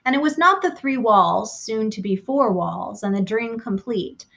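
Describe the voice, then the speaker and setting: Woman reader, expressive novel read-aloud, slows on key phrases. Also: fairly high pitch, vocal fry.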